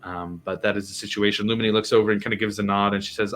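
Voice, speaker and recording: A man narrating as game master in a tabletop game, casual and halting with many fillers. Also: on the low side, little pitch movement, fairly bright tone, slight background noise.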